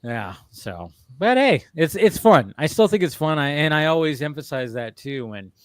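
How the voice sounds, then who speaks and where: A man hosting a casual chat, telling animated stories with frequent laughter and restarts. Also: fairly high pitch, normal speed, no room sound, clean studio sound. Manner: animated storyteller, laughs often, many restarts. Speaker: podcast host.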